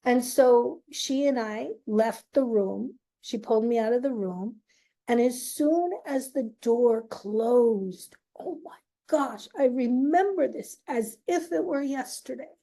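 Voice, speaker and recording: A woman telling an emotional personal story, speaking haltingly with long pauses and emphasis. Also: on the high side, warm tone.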